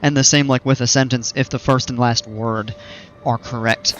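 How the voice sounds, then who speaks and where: A man's voice: mid-range voice, steady tone, normal speed, a bit bright, dull audio. Guy streaming a game, talks in long chatty tangents, some faint hum behind. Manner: rambling, chatty, explains at length. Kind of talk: casual livestream chat while playing.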